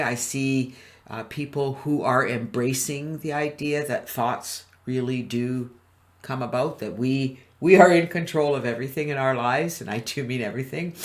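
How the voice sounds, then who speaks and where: Upbeat male webinar presenter, mid-pitched, chuckles and quizzes listeners. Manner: upbeat, often asks the audience questions; chuckles between points. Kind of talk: motivational webinar talk.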